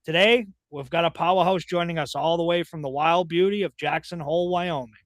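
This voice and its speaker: A man's voice: on the high side, a little fast, no echo. Upbeat Boston-accented male podcast host. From Dorchester, Massachusetts. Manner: upbeat, emphatic, punchy delivery. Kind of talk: podcast interview.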